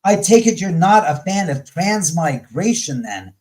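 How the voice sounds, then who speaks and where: A man with a somewhat high voice talks in a blunt, salty way, mixing in curses. He gets animated and mimics what other people say. He sounds middle-aged, speaking over a video call. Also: measured pace, poor audio. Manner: blunt, profane and animated, acting out quoted voices. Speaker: guest. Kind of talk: casual chat.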